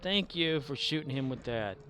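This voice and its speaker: A man's voice: mid-range voice, lively intonation, normal speed, pushed and bright, a little hiss or hum. Rambling male streamer humming along. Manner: rambling, mutters and hums along while playing. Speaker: livestreamer. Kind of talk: casual gaming stream chat. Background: music playing.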